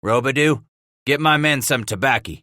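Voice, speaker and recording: A man's voice: mid-range voice, moderate pace, bright, forceful tone, no echo, studio quality, voice pushed up, close to an everyday voice. A man voicing a commanding male trapper brigade leader who gives blunt orders.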